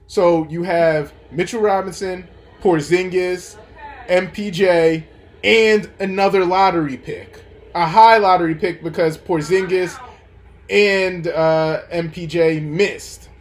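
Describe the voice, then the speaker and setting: Animated young man ranting about basketball. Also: sits high, slow pace, a little hiss or hum. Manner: animated, opinionated, rambling with fillers. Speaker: podcast host. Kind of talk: casual sports commentary monologue.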